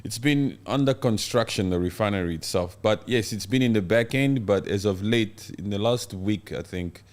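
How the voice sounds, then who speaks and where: Very deep-voiced man chatting on a podcast. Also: moderate pace. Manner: conversational, explains to co-host. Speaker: podcast host. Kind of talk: casual live-stream chat.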